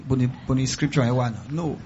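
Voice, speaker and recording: A male pastor with a Nigerian accent delivering a sermon in church, emphatic and call-and-response, swinging from quiet asides to loud cries. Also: medium pitch, fairly even intonation, normal speed, slightly rough, dull audio.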